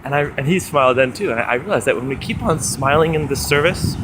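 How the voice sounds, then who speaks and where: An upbeat young man vlogs on a foggy city street, chatty and animated as he retells his day. His voice sits in an ordinary middle range. City traffic and street noise clearly fill the background. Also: mid-range voice, fast talker. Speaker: street book distributor. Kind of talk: casual vlog monologue. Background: city traffic and street ambience.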